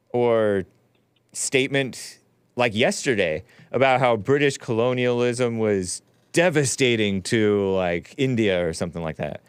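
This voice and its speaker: A man's voice: mid-range voice, clean tone, dry recording. A man hosting a call-in show, chatting loosely with callers and laughing often. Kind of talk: casual call-in talk.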